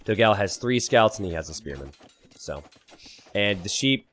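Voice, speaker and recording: In this esports commentary, a lively man casting a strategy game talks at normal speed with wide pitch swings. His tactical explanations stay casual until a surprise pushes him into a loud, high cry of disbelief.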